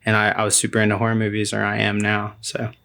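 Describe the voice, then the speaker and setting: A man's voice: on the low side, completely flat delivery, fast talker, vocal fry, sharp tone. A man chatting casually on a podcast, rambling and laid-back with many fillers and restarts.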